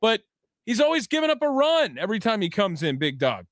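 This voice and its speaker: A man's voice: high-pitched, sing-song, brisk, fairly bright tone, no room sound. A man hosting a call-in sports radio show from a studio, upbeat and chatty with callers. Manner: upbeat, keeps calling the caller by nickname. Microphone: studio microphone.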